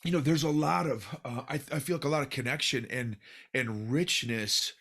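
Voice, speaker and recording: A man hosting a podcast, chatting casually, with many halting restarts and words like "bro" and "dude". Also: medium pitch, fairly bright tone, breathy edge. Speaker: podcast host. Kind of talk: casual conversation.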